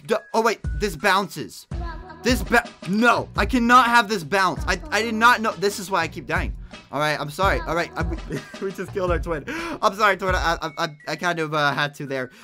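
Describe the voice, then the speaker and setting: Young male gaming streamer, high and bright, excitable and stammering, light game music underneath. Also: moderate pace. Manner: excitable, stammering restarts, frequent laughs. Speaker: gaming livestreamer. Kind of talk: live gameplay commentary.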